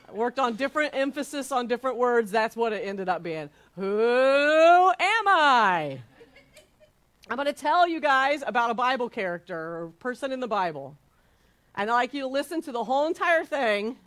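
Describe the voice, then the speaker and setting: A woman's voice: high voice, fairly bright tone. A woman leading a Bible study group in a playful devotional talk, teasing the group and stretching out her phrases like a game-show host. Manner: chatty and teasing, laughs easily.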